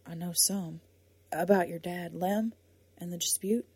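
A woman reading a storybook, voicing a quiet, earnest young man who speaks in a hushed, halting way. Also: high voice, fairly even intonation, husky, no echo, full character voice. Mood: subdued.

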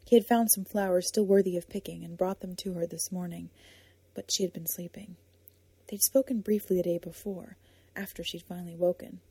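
A woman narrating an audiobook in a soft, measured storytelling manner. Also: fairly low pitch, fairly even intonation, breathy edge, no echo.

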